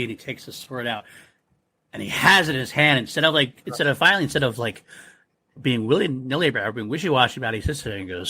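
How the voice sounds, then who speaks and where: A man's voice: mid-range voice, expressive, fast, sharp tone, breathy edge. A man co-hosting a casual film podcast, enthusiastic and laughing often, quoting lines in passing. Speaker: podcast co-host.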